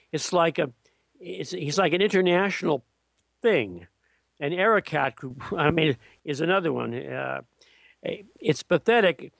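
Guy w a gravelly voice ranting about politics, kinda high, dry sound. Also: a bit bright, dry recording. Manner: blunt, scornful, with frequent restarts. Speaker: interview guest. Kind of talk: political commentary.

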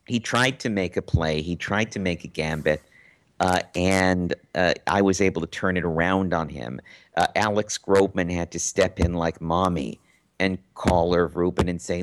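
A man recounting a personal story as an interview guest, animated and full of restarts and repeated words. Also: low voice, a little slow. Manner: animated, acts out quotes in a raised voice; frequent restarts and stammered repeats. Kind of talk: casual storytelling.

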